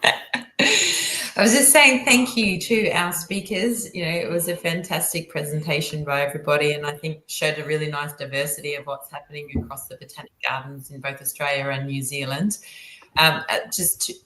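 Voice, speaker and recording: Female closing speaker, low and chatty, roomy video-call sound. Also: steady tone, moderate pace, bright, forceful tone. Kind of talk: casual thanks and wrap-up.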